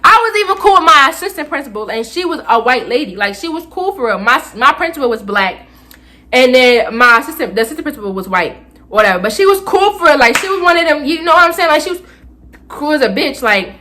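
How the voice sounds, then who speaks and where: A young adult woman telling a personal story on her vlog, animated and profane, jumping into loud re-enacted outbursts. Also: sits high, fast. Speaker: vlogger.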